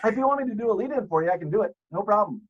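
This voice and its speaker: A man with a smooth, deep, announcer-style voice, chatting as a podcast guest and swearing freely through his stories. His pitch swings widely as he acts out exchanges. The recording sounds dull and lo-fi. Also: lively intonation, racing. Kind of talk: casual podcast chat.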